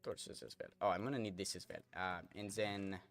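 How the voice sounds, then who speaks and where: A man's voice: deep voice, fairly even intonation, moderate pace, a bit bright. A young man streaming a game, chatting casually and rambling while he reads chat and plays.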